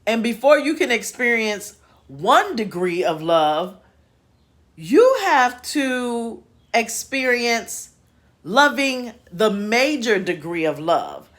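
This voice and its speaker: A woman's voice: fairly high pitch, big pitch swings, slow pace, a bit bright. A woman hosting a casual spiritual chat from home, folksy and chatty with laughing asides. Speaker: host. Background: home repair noise.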